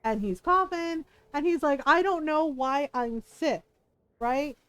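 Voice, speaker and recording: High-voiced chatty middle-aged woman. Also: slow pace, dry recording, poor audio. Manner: animated, profane, laughing retelling. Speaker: live streamer. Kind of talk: casual storytelling chat.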